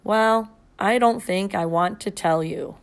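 A woman reading an audiobook voices a young boy who speaks softly and weakly. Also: mid-range voice, takes it slowly. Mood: downcast. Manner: soft, weak, whispery. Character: sad, quiet young boy. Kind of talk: audiobook character voice.

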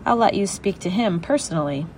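A woman's voice: on the low side, animated, brisk, a little mellow, a little hiss or hum. Woman doing an officious muddled phone clerk. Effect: heard over a telephone in the story.

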